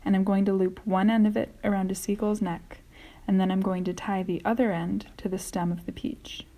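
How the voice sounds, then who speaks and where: A woman reading aloud, voicing a calm, determined young boy laying out a plan in a storybook. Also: mid-range voice, a little fast, close to an everyday voice. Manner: calm, firm.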